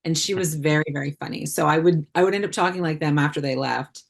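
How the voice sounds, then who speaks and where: A woman with a low-pitched voice talks casually as a podcast guest. She wanders through her answers with frequent ums and false starts. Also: fast, vocal fry. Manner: chatty, many fillers and restarts. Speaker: puppeteer guest. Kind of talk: casual interview chat.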